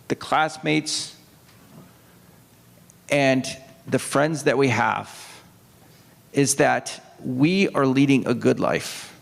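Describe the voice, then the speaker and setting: Gravelly older man telling a story. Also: mid-range voice. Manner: earnest, emotional storytelling, rises into acted quotes. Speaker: retired naval officer speaking at a book event. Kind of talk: personal storytelling talk. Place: opera house stage. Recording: long hall reverb.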